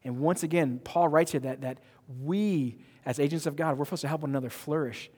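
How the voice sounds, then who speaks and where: A man preaching a sermon as pastor, animated and emphatic, joking with his congregation. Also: a little high, brisk, slightly rough, big-room sound. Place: church sanctuary.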